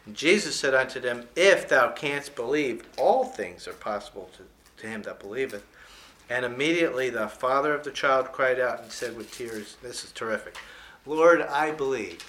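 A man preaching a sermon in a bright, sharp voice. He reads the verses slowly, leaning on the key words. Between them he drops folksy, joking comments and chuckles. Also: mid-range voice. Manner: slows down and stresses key scripture words. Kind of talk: sermon, reading and commenting on scripture.

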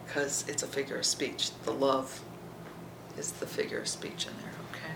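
A Bible teacher reads scripture aloud and explains it verse by verse, often asking "okay?" and sometimes dropping to a soft near-whisper. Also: mid-range voice, steady tone, moderate pace, gravelly, echoey room, noisy background. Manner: checks in with listeners by asking "okay?".

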